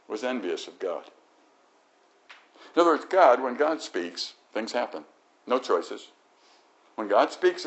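A man's voice: fairly low pitch, muffled recording. A man preaching a sermon, acting out quoted voices in his talk. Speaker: pastor.

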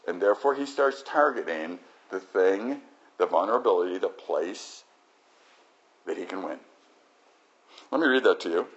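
A man's voice: on the low side, highs cut off. A man preaching a sermon, acting out quoted voices in his talk. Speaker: pastor.

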